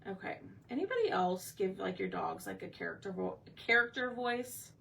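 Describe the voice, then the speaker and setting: This craft painting host speaks at a normal pace in a medium, sing-song, creaky voice with a fairly bright tone. She chats casually during her live session, musing aloud and inviting viewers' opinions, recorded on a slightly distant mic with faint noise behind her.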